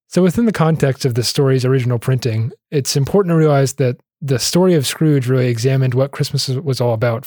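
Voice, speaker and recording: A man's voice: mid-range voice, mellow, no room sound, clean studio sound. A man co-hosting a casual history podcast, chatty and jokey, laughing often between facts. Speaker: podcast co-host.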